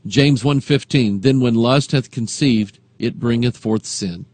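Dry, close-miked preacher, impassioned. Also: male voice, mid-range voice, a little slow, dry recording. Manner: impassioned, shifting from quiet reflection to rising emphasis. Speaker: pastor. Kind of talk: sermon.

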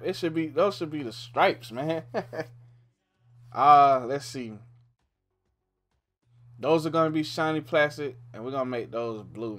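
A man's voice: mid-range voice, a bit bright. A young man giving a laid-back, casual walkthrough of a video game, thinking aloud with frequent "man" and "um". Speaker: gaming YouTuber. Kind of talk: casual game tutorial commentary.

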